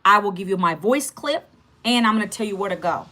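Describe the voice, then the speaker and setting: A woman's voice: medium pitch, lively intonation, a little fast, bright, forceful tone. A woman in her fifties talking casually to viewers on a livestream, direct and chatty, checking in with "okay" and "guys". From United States. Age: 50s. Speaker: livestream host.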